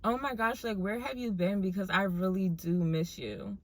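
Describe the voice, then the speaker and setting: A woman voicing a young waitress who gushes over an old friend in a breathy, sugary, drawn-out way. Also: mid-range voice, steady tone, dry recording, natural voice. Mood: gushing. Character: gushing young woman waitress, overly familiar.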